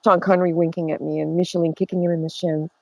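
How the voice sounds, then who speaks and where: A woman's voice: fairly low pitch, fast, vocal fry, no echo, rough recording. Gossipy older woman telling stories. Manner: gossipy, animated storyteller who laughs often. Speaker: guest. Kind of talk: casual chat. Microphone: remote call.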